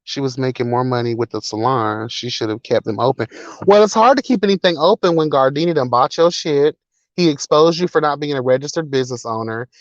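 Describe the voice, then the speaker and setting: A man's voice: medium pitch, a little fast, no echo, highs cut off. A man hosting a casual livestream, talking in a sassy, profane, dramatic way. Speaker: livestream host reading chat. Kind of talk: casual chat.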